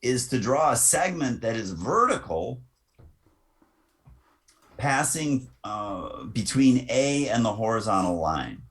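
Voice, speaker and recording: A man giving a screen-recorded software lesson as the instructor, talking through each click with casual asides. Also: mid-range voice, big pitch swings, slow pace.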